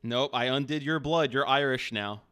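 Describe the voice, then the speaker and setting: A man's voice: mid-range voice, a bit bright, smooth, no echo, studio quality. A man streaming a casual chat with an AI character, teasing and playful. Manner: teasing, playful, quick to laugh.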